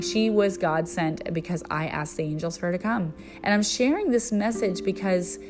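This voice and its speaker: A middle-aged woman hosting a spiritual message, telling a personal story and then preaching in an earnest, storytelling way. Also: medium pitch. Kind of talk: inspirational spiritual talk.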